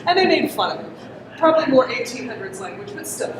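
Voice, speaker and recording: Woman giving a talk, kinda high voice, chatty, asks the crowd stuff, far from mic in a big echoey room w/ noise. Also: big pitch swings, fast. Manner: chatty, asks the audience questions, laughs often. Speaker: conference presenter. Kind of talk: interactive storytelling talk to an audience.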